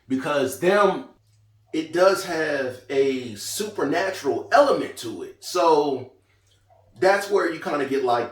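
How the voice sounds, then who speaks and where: A man giving a casual, chatty spoken review of a TV show, talking in a lively, conversational way. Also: medium pitch, far from the mic. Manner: chatty, lively, quotes characters in small voices. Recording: roomy echo, from off mic.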